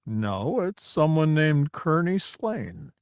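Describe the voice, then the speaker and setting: A laid-back, wry pilot commander, read by a man in an audiobook, casually understated with a lively pitch. The sound is close and dry. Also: takes it slowly, no echo. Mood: wry, relaxed. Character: easygoing, wry male fighter commander. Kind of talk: audiobook character reading.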